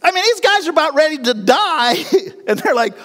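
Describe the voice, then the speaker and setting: A middle-aged male pastor preaching with a high, lively voice that swoops up and down. He talks in a folksy, animated way and laughs between his lines. The sound carries a long hall reverb. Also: moderate pace. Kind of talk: sermon.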